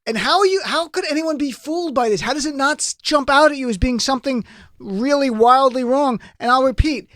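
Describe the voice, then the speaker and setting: Male host for panel talk show; high-pitched, lively, laughs a lot. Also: dry recording, studio quality. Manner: animated, quick to laugh.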